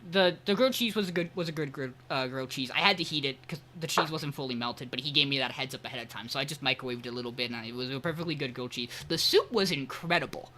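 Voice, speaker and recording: A man's voice: mid-range voice, quick pace, hardly any pauses, slight background noise. A man co-hosting a podcast, telling a long anecdote in casual chat, laughing and swearing as he goes. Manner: animated storyteller, laughs and swears often. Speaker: podcast co-host.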